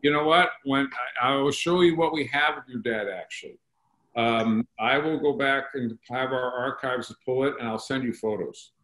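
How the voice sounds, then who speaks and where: A man's voice: mid-range voice, normal speed, a bit bright, reverberant, poor audio. A man hosting a podcast interview, talking enthusiastically about history and honoring guests. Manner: enthusiastic, promotional. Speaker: podcast host. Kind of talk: interview chat.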